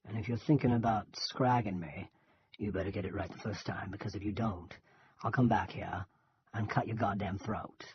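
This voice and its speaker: A man voicing a violent, hotheaded young gunman with slow, menacing threats. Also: on the low side, steady tone, breathy edge. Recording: dull lo-fi.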